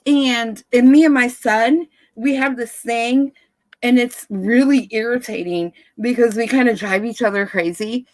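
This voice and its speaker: A woman's voice: a little high, unhurried, darkish tone, no room sound. A woman in her fifties chatting casually, rambling and laughing at herself, with a dry recording. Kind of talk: casual chat.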